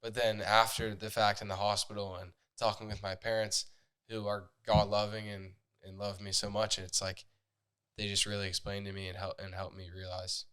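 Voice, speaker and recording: Quiet young guy on a podcast, telling his story kinda reflective, clear lowish voice. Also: flat delivery, moderate pace. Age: young adult. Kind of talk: casual chat.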